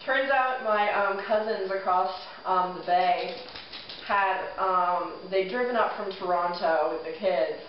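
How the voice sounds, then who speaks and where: A woman's voice: mid-range voice, a little slow. A young woman co-hosting a casual podcast, telling a story in an easygoing, hesitant way with fillers. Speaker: podcast co-host. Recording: echoey room, far from a lo-fi mic, faint noise.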